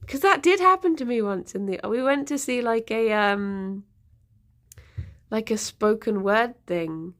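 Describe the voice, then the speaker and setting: A woman's voice: a little high, animated, a little slow. A woman hosting a casual livestream, chatting to viewers and cooing to her pets with frequent giggles. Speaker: livestream host.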